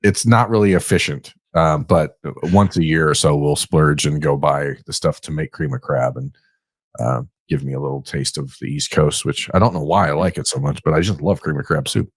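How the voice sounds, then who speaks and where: Brief: male podcast co-host, very low voice, easygoing and chatty, close and dry. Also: moderate pace, slightly rough, no room sound. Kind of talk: casual chat.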